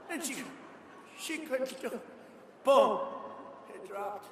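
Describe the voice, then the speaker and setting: An older politician giving a rambling, boastful rally speech in a large hall. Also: male voice, very high voice, expressive, slow. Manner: rambling, boastful storytelling with asides. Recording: echoey hall, distant PA mic, noise.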